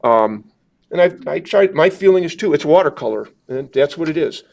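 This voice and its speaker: A man's voice: on the high side, expressive, normal speed, gravelly, a little mellow. A man teaching a live watercolor demonstration, chatting in a rambling, self-deprecating way with lots of fillers while answering questions from the group. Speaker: watercolor instructor. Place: meeting room at a club gathering.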